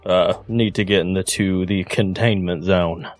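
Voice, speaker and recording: A man playing his character in a tabletop game, calm and wry in a measured way. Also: low voice, no echo. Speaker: player.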